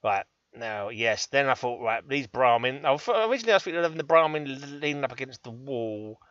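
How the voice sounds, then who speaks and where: A chatty English man with a bright, forceful voice gives rambling commentary on his own gameplay, cheeky and self-deprecating. The sound is close and dry, a little dull and lo-fi. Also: medium pitch, lively intonation, fast talker, no room sound. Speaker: gaming channel host.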